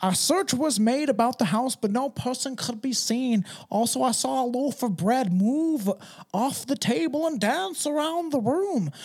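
A man's voice: very high-pitched, animated, measured pace, darkish tone, voice pushed up, heavily acted. A man putting on an old Scottish witness voice. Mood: solemn. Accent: Scottish (put on).

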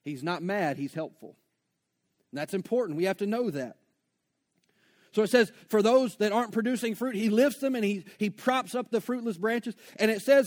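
Male pastor, high voice, talky sermon delivery that slows on key phrases. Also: expressive. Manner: conversational preaching, slows down to stress key phrases. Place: church before a congregation.

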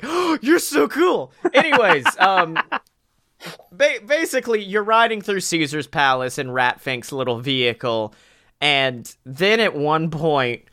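A man on a podcast, telling a long comic story in a lively, laughing way and swearing freely. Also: fairly high pitch, smooth. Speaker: podcast co-host. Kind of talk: casual comedic podcast chat.

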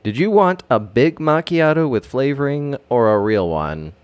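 A snooty male barista in a spoken story, curt and condescending, raised well above a low speaking voice, as the narrator puts him on. His range is lively, with questions pitched up in a superior tone. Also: moderate pace, smooth, lightly acted.

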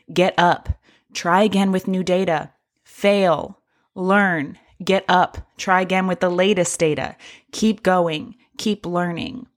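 A woman in her thirties hosting a motivational podcast, talking straight to the listener in an upbeat, encouraging way. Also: lowish voice. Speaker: podcast host.

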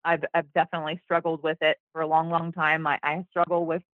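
A woman in her thirties calling in to a show, speaking hesitantly and haltingly. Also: sits low, flat delivery, no echo. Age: 30s. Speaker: caller. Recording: dull phone-in line.

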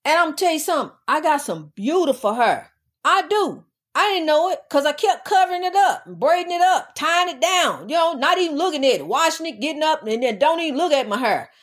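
A woman's voice: high voice, sing-song, fairly quick, fairly bright tone. A middle-aged woman hosting her own podcast, talking in an emphatic, preachy, repetitive way about growth and the spirit world. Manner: emphatic, preachy, repeats itself. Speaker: podcast host. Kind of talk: casual spiritual talk.

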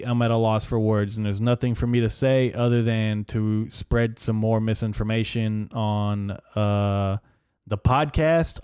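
Young guy ranting on his podcast, low smooth voice, swears a lot, dry close mic. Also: darkish tone, no echo. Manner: profane, rambling and sarcastic. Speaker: podcast host. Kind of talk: casual solo podcast rant. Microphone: studio microphone.

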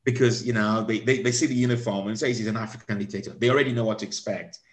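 A man, a comedian, talking about his stage character in a relaxed interview, often restarting his sentences. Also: on the low side. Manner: halting, repeats words, laughs often. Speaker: comedian guest. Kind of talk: conversational interview.

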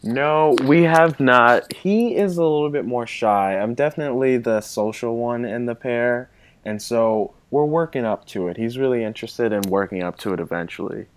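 A man's voice: mid-range voice, normal speed. A man talking at length as an interview guest, with a casual, explanatory manner full of "you know" fillers.

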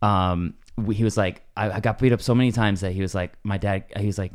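Smooth low-voiced man telling stories. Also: steady tone, brisk, hardly any pauses. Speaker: comedian guest. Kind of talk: casual comedic podcast chat.

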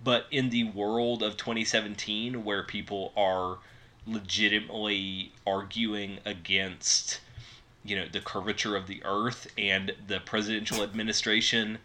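A man's voice: on the low side, level tone, unhurried, pushed and bright, slight background noise. A man co-hosting a podcast, chatting casually about horror films with lots of fillers. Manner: rambling, filler-heavy. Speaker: podcast co-host. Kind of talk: casual chat.

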